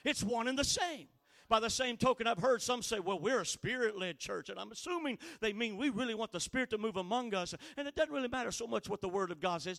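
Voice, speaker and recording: A man preaching a sermon, reading scripture slowly and building to impassioned, shouted emphasis. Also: extremely high pitch, lively intonation, gravelly. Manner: reads scripture slowly and deliberately.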